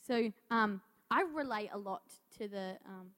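In an echoing church hall, a young first-time preacher delivers a youth church message, reading scripture nervously, stumbling and restarting. She speaks unhurriedly in a medium-pitched, slightly bright voice.

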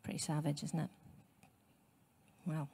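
A woman's voice: low voice, level tone, unhurried, gravelly, dark tone, long reverb tail, a little hiss or hum. A woman pastor with a Scottish accent giving a conversational sermon, with asides to her congregation. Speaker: site pastor. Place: church.

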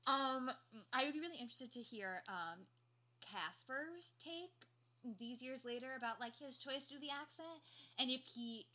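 A young woman with a bright, ringing voice pitched a little high, co-hosting a podcast. She chats casually and animatedly, swears freely and fills her talk with fillers. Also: lively intonation, normal speed. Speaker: podcast co-host. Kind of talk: casual chat.

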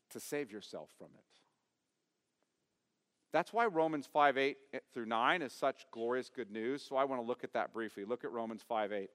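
A man preaching a sermon as pastor, emphatic, asking his congregation questions and swinging from loud stress to quiet asides. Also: medium pitch, big-room sound. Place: church sanctuary.

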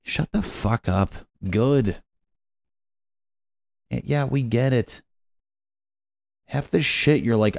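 A young man riffs in a loose, rambling rant, swearing constantly and tripping over fillers. His voice sits low. The sound is dry and close, with no room around it. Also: moderate pace, gravelly, long pauses, a little mellow, dry recording. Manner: profane, rambling, ranting with frequent fillers.

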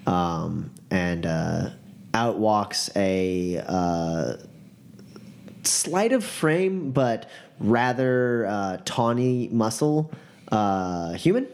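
A man narrating a tabletop game as game master, casual and halting with many fillers. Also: lowish voice, expressive, vocal fry, darkish tone.

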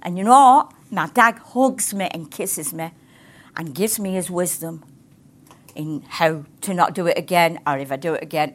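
A woman's voice: on the low side, sing-song, normal speed. An older woman, teaching a sermon in a chatty way and acting out the voices she quotes. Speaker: ministry teacher.

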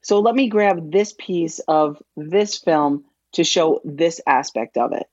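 Blunt, low-voiced woman, a former English teacher. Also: takes it slowly, a little mellow, dry recording, dull audio. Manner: blunt, emphatic and profane, with teacherly explaining. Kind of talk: casual podcast chat.

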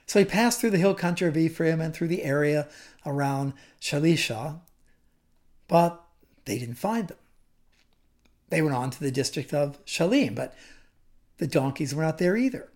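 A male preacher delivering a sermon, retelling a story in an animated way with humorous asides. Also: fairly high pitch, measured pace.

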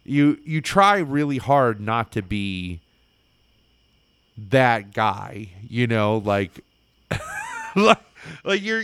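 Casual-chat male storyteller, excitable and rambling, smooth dry sound. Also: medium pitch, no echo.

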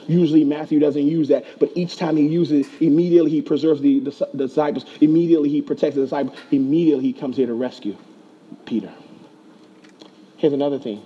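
A pastor with a high, dark and slightly husky voice delivers a sermon, driving his points home through repetition and rhetorical questions. The recording sounds dull and muffled.

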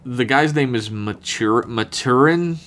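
A man co-hosting a podcast, recapping an episode in casual, profane, joking chat and slipping into quick character voices. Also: mid-range voice, a bit bright. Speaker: podcast co-host.

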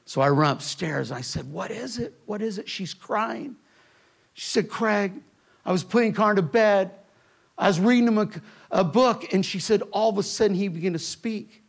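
A man preaching a sermon to a church, telling a personal story with emphatic delivery that drops to a hush in tender moments. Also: high-pitched, normal speed, vocal fry. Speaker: pastor.

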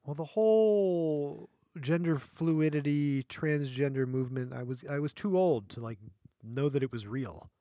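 A man's voice: a little high, measured pace, dark tone, no room sound, studio quality. A middle-aged man co-hosting a podcast, rambling through casual chat, self-mocking and laughing often. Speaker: podcast co-host.

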